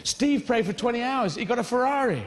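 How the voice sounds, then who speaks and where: A male stand-up comedian telling rambling, animated stories on stage, swearing freely and slipping into voices. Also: very high-pitched, fairly quick.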